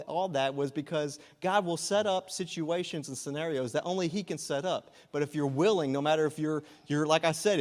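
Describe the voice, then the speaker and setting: Young man, earnest storytelling sermon, frequent restarts, church sanctuary reverb. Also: a little high. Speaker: guest speaker. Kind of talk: sermon testimony.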